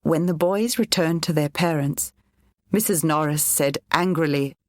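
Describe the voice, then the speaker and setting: A woman narrating a children's storybook in a clear, even reading voice. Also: deep voice, measured pace, no room sound, studio quality.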